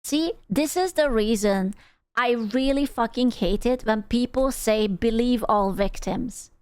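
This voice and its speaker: A woman's voice: a little high, unhurried, clean tone, dry recording. A woman streamer giving casual reaction commentary, sarcastic and mocking, swearing freely. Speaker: VTuber streamer reacting to a video.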